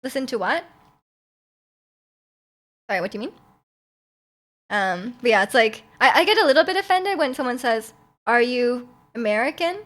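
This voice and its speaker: A woman's voice: fairly high pitch, lively intonation, normal speed, pauses often, a bit bright. A young woman, chatting casually as a livestreamer, giggling and answering her chat aloud. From Canada.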